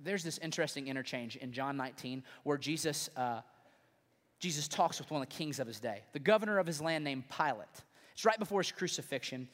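A man's voice: on the high side, lively intonation, fairly quick, fairly bright tone. A man preaching a sermon as pastor, emphatic and conversational, with frequent rhetorical questions, in a large church auditorium. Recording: long reverb in a large hall.

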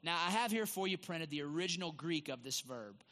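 Man, pastor, sermon, high voice, emphatic stress, church hall with long reverb. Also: expressive, pushed and bright. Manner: emphatic, drawn-out stress on key words. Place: church sanctuary.

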